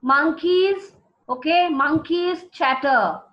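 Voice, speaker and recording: Brief: woman teaching a class, high voice, patient repetition, dull lo-fi sound. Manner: slow, repeating key words for students. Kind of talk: classroom vocabulary lesson. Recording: dull lo-fi recording.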